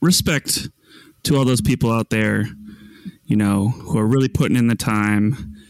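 A man's voice: lowish voice, a little slow, no echo. A man co-hosting a casual podcast, making wry, sarcastic jokes on a close mic. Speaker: podcast co-host.

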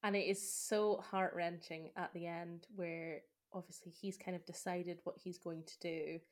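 Chatty woman podcast host, low voice. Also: little pitch movement, unhurried, a little mellow. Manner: chatty, emotional, lots of fillers. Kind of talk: casual chat.

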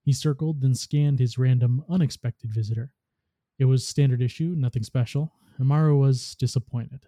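A man, a podcast host, reading a story aloud in a steady narration. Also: mid-range voice, moderate pace, no echo.

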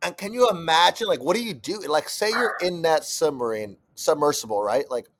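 A man's voice: fairly high pitch, lively intonation, fairly quick, fairly bright tone. A young man co-hosting a podcast, chatting casually and breaking into profane, exasperated rants. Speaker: podcast co-host. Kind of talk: casual chat.

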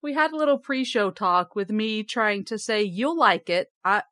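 A woman's voice: medium pitch, animated, normal speed, pushed and bright, no echo. Upbeat giggly woman podcast host. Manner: upbeat and giggly, reading out facts. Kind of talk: casual chat presenting facts.

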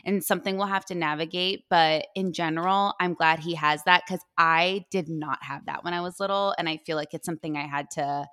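A woman's voice: deep voice, fairly even intonation, a little fast, hardly any pauses, a bit bright, smooth. A young woman co-hosting a podcast, chatting casually and fondly with lots of "like" fillers. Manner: gushing, filler-heavy. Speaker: podcast co-host. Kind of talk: casual chat.

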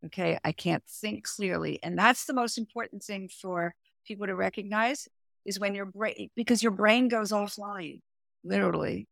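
Gravelly woman coach explaining calmly. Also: mid-range voice, normal speed, no room sound, studio quality. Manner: animated, explanatory, talks with her hands. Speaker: executive performance coach and therapist. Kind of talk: podcast interview, explaining. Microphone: remote audio, no camera.

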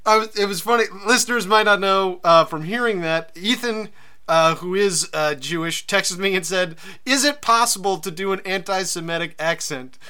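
A man co-hosting a podcast in casual comedic chat, cracking jokes and quick asides. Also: sits high, bright, forceful tone, smooth. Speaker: podcast co-host.

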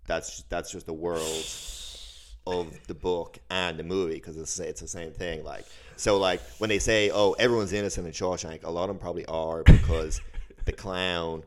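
Deep voiced podcast guy, rambly and stop-start, casual chat. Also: fairly even intonation. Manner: rambling, halting, many restarts. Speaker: podcast co-host. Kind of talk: casual banter.

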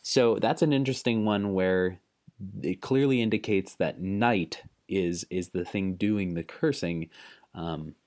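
A man's voice: low-pitched, a little slow, darkish tone. A man hosting a podcast, talking casually and thoughtfully, with fillers and restarts. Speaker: podcast host.

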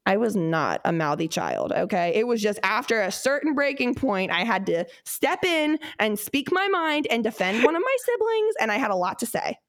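A young woman chatting on a podcast, her slightly high voice full of animated storytelling. She swears freely and breaks into loud, acted-out quotes. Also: normal speed, hardly any pauses. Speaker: podcast co-host. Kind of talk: casual chat.

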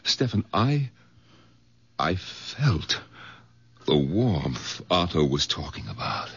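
An actor playing a middle-aged doctor who stammers and swings into ecstatic outbursts, in a 1970s radio drama. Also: male voice, low voice, sing-song, slow pace, husky, exaggerated voice. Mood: overwhelmed, awed. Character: middle-aged male doctor, excitable and volatile. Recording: dull lo-fi 1970s radio recording.

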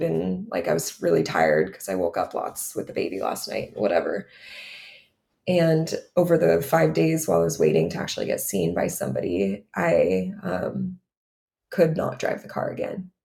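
A woman's voice: low voice, sing-song, moderate pace, vocal fry, darkish tone. A woman in her thirties, a podcast co-host, telling a personal story in a candid, run-on way with many filler words.

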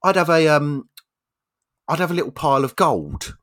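Guy putting on a sweet eager schoolgirl, higher voice. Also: expressive, normal speed, fairly bright tone. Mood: earnest. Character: earnest little schoolgirl.

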